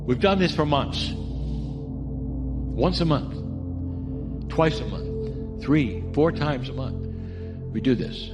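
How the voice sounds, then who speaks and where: Man leading a spiritual guided meditation, coaxing and gentle, middle-pitched voice, long hall reverb with music under it. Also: animated, slow, long pauses. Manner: gentle, coaxing, addresses listeners directly with questions. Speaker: spiritual channeler.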